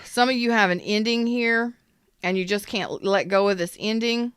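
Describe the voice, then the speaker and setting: A woman's voice: medium pitch, moderate pace, clean tone, dry recording, clean studio sound. Chatty, blunt woman reading tarot. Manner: chatty and blunt, swears, greets viewers by name. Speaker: tarot reader. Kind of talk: casual live-streamed tarot reading.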